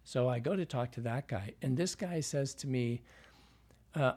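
A Midwestern man from Iowa talks through his stories as a dialect coach, and his voice has a husky grain at a mid pitch. He slips into the voices of the people he quotes. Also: moderate pace. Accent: Midwestern American. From Iowa, USA. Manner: animated anecdotes, acting out quoted voices. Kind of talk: storytelling interview.

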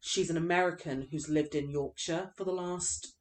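A woman's voice: on the low side, steady tone, normal speed, a crowd in the background. A woman with a London English accent co-hosting a podcast in casual chat, chatty, with many fillers. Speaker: podcast co-host.

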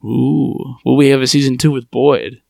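A man's voice: mid-range voice, steady tone, normal speed, vocal fry, darkish tone, no echo, studio quality. A man co-hosting a podcast, recapping a TV show with joking, sarcastic asides and acted-out lines. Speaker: podcast co-host. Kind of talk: casual chat recapping TV.

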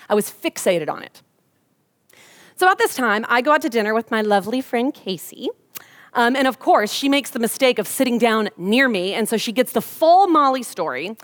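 A woman's voice: a little high, moderate pace. A woman, preaching a sermon and telling a personal story with humor. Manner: storytelling with humor, lively quoted voices. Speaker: pastor.

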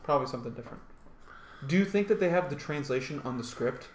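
A man's voice: on the high side, lively intonation, fast talker. A man co-hosting a casual podcast, swearing freely and joking around. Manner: profane, jokey, slips into loud mock shouting. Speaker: podcast co-host. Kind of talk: casual chat. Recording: echoey room with faint background noise.

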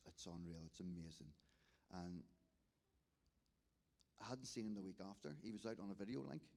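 This man's low, warm voice moves at a normal speed but pauses frequently. He's a Northern Irish restorative justice volunteer telling a testimony story in church, performing the dialogue and restarting again and again.

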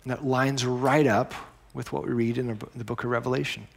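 A man's voice: mid-range voice, fairly even intonation, brisk, vocal fry, a little hiss or hum. A man preaching a sermon as pastor, telling stories in a conversational way with explanatory asides.

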